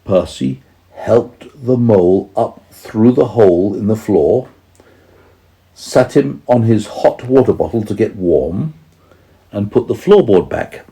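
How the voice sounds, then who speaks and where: A man reads a bedtime story to a small child in a deep, mellow voice. He goes slowly and patiently. His pitch rises and falls expressively as he pauses to explain words. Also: lively intonation. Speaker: parent reading to his child.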